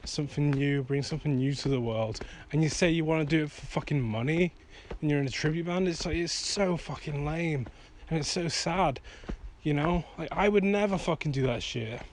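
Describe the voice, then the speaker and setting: A vlogger and songwriter, his voice a little high at a normal speed, rambles in a casual monologue while walking outside at night. He speaks frankly and swears freely as he heats up, with a little hiss or hum in the background.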